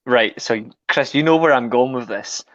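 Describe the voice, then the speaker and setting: A man's voice: medium pitch, moderate pace, fairly bright tone, dull audio, slight background noise. A man on a football podcast, chatting casually and telling stories. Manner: chatty, storytelling. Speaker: podcast guest.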